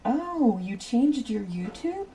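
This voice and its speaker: A woman's voice: on the high side, very animated, takes it slowly, dark tone, far from the mic, slight background noise. A woman streaming a building game, rambling and giggling as she chats with her viewers. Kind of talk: casual chat while playing a building game.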